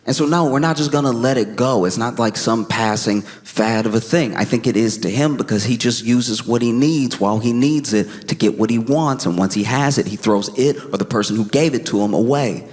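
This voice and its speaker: A man doing a stand-up comedy set, telling a story with lively, animated delivery and breaking into high, strained character voices. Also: a little fast, few pauses.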